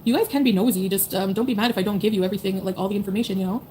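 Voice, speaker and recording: A woman's voice: medium pitch, fairly even intonation, racing, dark tone, a little hiss or hum. A woman in her thirties chatting casually to her viewers on a livestream, blunt and profane, rambling with lots of fillers. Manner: blunt, profane, rambling with many "like"s and "you know"s. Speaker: streamer talking to chat.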